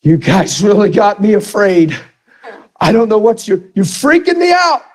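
A man's voice: fairly high pitch, measured pace, a little mellow, close to an everyday voice. A man voicing a nervous, skeptical man who is emotional and frightened. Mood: freaked out. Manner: frightened, emotional, voice breaking upward.

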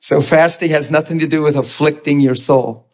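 A man's voice: on the high side, steady tone, normal speed. A man preaching a conversational sermon in an informal, plain-spoken way, often checking in with his listeners.

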